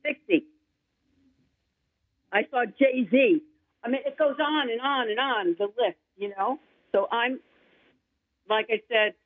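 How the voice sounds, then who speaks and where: A woman singer-songwriter chats as an interview guest, rambling from one thought to the next with eager excitement. Her voice comes through a thin, phone-like line. The sound is dry and close, with no room around it. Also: mid-range voice, dry recording. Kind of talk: casual interview chat.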